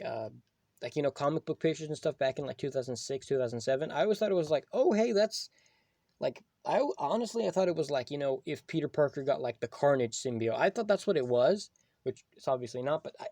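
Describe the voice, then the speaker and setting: Young man, casual toy review, rambling, lots of fillers, mellow tone, dry sound. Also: on the high side, dry recording. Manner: rambling, filler-heavy, full of "like".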